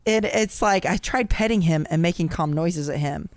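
A woman's voice: lowish voice, normal speed, no echo. Giggly woman reading posts aloud. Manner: giggly, laughs often while reading aloud. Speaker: podcast co-host. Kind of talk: casual chat, reading out funny posts.

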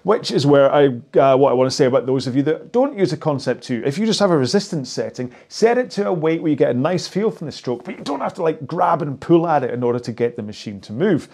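A man's voice: a little high, very animated, fast, few pauses, darkish tone. A man coaching a rowing workout, chatty and jokey, talking while he rows on a machine. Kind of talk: instructional workout talk.

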